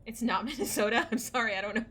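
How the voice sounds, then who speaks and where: A woman's voice: fairly high pitch, sharp tone, slightly rough. A young woman streaming a scary game, talking with her chat in a nervous, chatty way and swearing now and then. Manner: chatty, jumpy, swears, reads chat aloud. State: nervous, scared.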